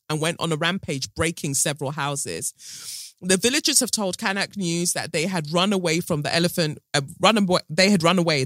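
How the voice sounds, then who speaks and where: A chatty woman host reads a news article aloud, stopping for asides and "um"s and tripping over unfamiliar names. Her voice is bright and forward. The recording is close and dry. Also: low voice, no room sound. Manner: chatty, filler-heavy, stumbles over names while reading. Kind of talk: casual chat, reading a news story aloud.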